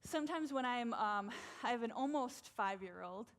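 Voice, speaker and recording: High-voiced woman preaching with emphasis. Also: moderate pace. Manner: animated, emphatic, repeats "like" often. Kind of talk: sermon.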